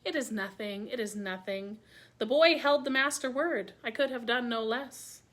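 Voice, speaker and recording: A woman voicing an excitable male kite bird with high calling cries in a storybook reading. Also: moderate pace. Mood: modest.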